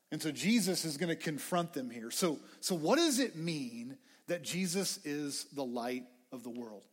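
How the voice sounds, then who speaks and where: A young man preaching a conversational, excitable sermon to students, often restarting his phrases. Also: on the high side, measured pace, slightly rough. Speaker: campus minister. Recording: hall reverb.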